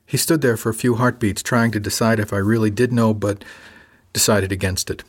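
A man narrating a story in the first person, in a calm, dryly witty manner. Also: on the low side, fairly quick. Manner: calm, dry wit. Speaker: audiobook narrator.

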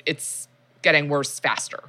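A woman co-hosting a podcast live, reacting with quick, laughing interjections. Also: sits low, steady tone, pushed and bright. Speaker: podcast co-host. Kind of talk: casual chat. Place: live show venue.

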